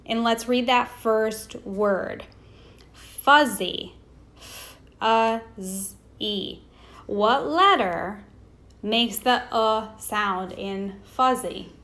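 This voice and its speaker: A woman with a fairly high voice teaches a recorded phonics lesson to young children. She speaks slowly and sounds out each word piece by piece. She asks a question, then pauses patiently for the answer. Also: fairly bright tone. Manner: slow, sounding out words letter by letter.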